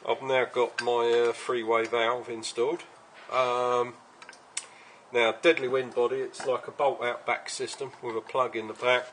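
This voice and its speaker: British guy talking through his build, lots of ums, relaxed and rambly, bit of hum in the back. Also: medium pitch, a little slow, low-quality recording. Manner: rambling, easygoing, many ums and uhs. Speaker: hobbyist builder. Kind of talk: casual workshop build vlog.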